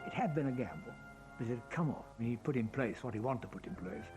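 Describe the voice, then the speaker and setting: Animated male storyteller in documentary interview. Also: medium pitch, fast, rough recording. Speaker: interviewed historian. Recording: interview with music laid over it.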